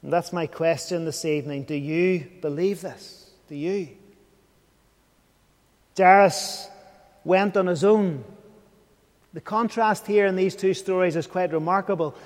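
A man's voice: high voice, unhurried, pauses often, darkish tone, in a large hall. A man preaching an evening sermon, earnest and questioning, sometimes dropping to a near whisper.

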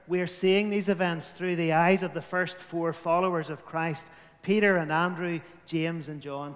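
A man's voice: high-pitched, big-room sound. A man preaching a sermon, emphatic, his volume rising and falling.

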